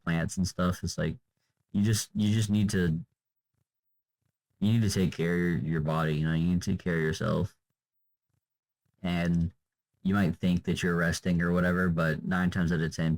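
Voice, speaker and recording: Low flat voiced young guy, worn out, just rambling on his vlog w/ tons of "like" and "you know". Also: creaky, rough recording. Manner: loose, meandering, lots of fillers and trailing off. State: tired and drained. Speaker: vlogger. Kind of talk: unscripted rambling monologue.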